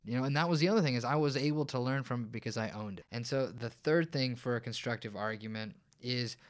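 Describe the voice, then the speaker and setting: A man's voice: mid-range voice, fast. A man, a counselor guest on a podcast interview, explaining and telling stories with frequent restarts. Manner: explanatory, storytelling, many restarts.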